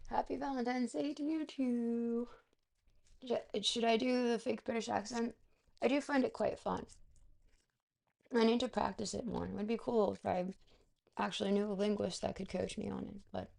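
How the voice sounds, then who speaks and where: Woman with heavy vocal fry. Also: on the high side, steady tone, normal speed, pauses often, darkish tone. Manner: quaintly formal, theatrical phrasing; hesitant, searching for words. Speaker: livestreamer reading aloud to chat. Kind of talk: casual livestream chat and reading aloud.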